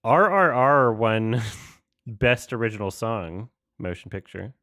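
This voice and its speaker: A man's voice: medium pitch, lively intonation, slow pace, bright, forceful tone, no echo, clean studio sound. A young man hosting a casual online hangout, thinking aloud as he reads through award results. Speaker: host. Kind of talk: casual chat.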